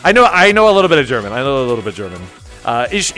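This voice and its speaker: Man, young adult, streamer, casual rambling chat, animated, faint background music. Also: mid-range voice, quick pace. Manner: rambling, animated, reads chat aloud, jokey.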